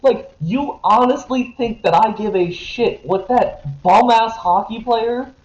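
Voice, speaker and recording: Speaking slowly, a young man on a casual sports podcast vents with plenty of swearing, his animated delivery swinging from muttered complaints to shouting. The audio has a roomy, somewhat dull podcast quality.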